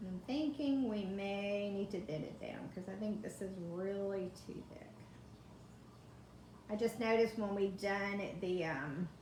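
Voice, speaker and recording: A woman's voice: medium pitch, darkish tone, slight background noise. A woman chatting through a live craft demonstration, greeting viewers by name from her home kitchen. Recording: echoey kitchen, faint ambience.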